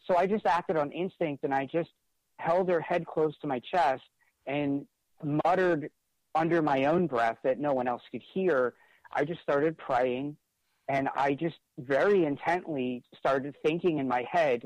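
A man's voice: fairly high pitch, a little slow, darkish tone, no echo, low-quality recording. Man telling a story, dry sound. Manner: earnest, frequent "like" fillers and restarts. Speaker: interview guest. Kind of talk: conversational storytelling.

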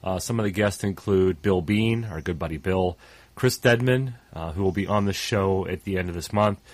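A man's voice: sits low, moderate pace, dry recording. A man co-hosting a radio show in casual talk, stuffed up, rambling with many fillers and trailing off at phrase ends.

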